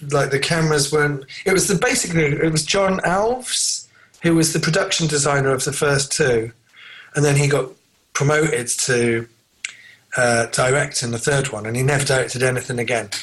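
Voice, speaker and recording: A man's voice: medium pitch, normal speed, fairly bright tone, rough recording. A man co-hosting a casual film podcast, rambling through trivia with many fillers and restarts. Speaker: podcast co-host.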